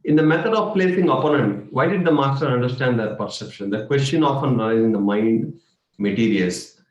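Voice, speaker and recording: An Indian man leads a spiritual workshop as a meditation coach, his voice sitting at an ordinary middle pitch. He teaches in a lively, playful way, breaking into exclamations and little imitations. The recording carries a clear echo from the room he speaks in. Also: fairly quick, muffled recording. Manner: animated, playful, with sudden exclamations and mimicry. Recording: echoey room.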